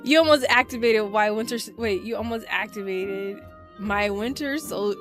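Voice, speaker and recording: A woman streaming a game, chatting casually and jokingly, swearing freely and swinging between quiet asides and loud outbursts. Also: medium pitch, normal speed, faint music behind. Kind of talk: casual live-stream chat while playing.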